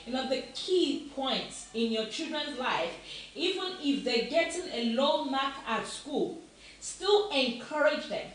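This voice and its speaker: A woman's voice: sits high, expressive, slow. Woman chatting in an echoey room. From Africa. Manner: chatty and encouraging, often laughing. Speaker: host of a live online show. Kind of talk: casual talk to live viewers. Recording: echoey room, mic far off.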